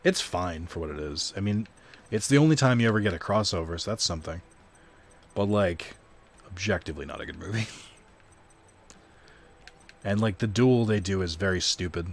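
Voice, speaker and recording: A young man chatting loosely over a card video game stream, voice sitting a bit low. He rambles and pokes fun at himself, dropping the odd swear word. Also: normal speed, long pauses. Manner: rambling, self-deprecating, swears casually. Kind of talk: casual gaming stream commentary.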